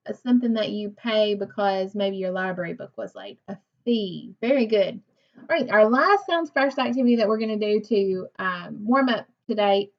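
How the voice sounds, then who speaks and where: Patient teacher woman, dull lo-fi sound. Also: mid-range voice. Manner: slow, patient, encouraging, asks questions to unseen pupils. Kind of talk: recorded classroom lesson for young children.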